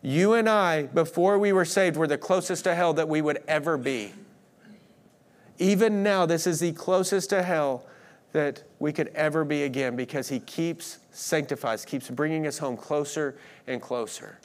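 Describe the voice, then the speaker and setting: A man preaching a sermon, earnest, swinging between emphatic declarations and hushed moments. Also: a little high, normal speed. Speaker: pastor.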